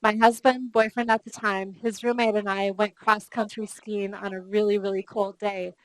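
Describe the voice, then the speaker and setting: Woman, customer service trainer, lively storytelling, questions to the room, dry sound. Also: mid-range voice, moderate pace, dry recording, rough recording. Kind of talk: live training workshop.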